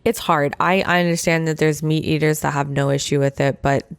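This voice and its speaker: A woman co-hosting a podcast, chatting casually in a blunt, animated way with friendly banter. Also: low-pitched, a little fast, creaky, clear, resonant tone, no room sound, studio quality. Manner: animated, blunt, laughing storyteller. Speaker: podcast co-host. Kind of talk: casual chat.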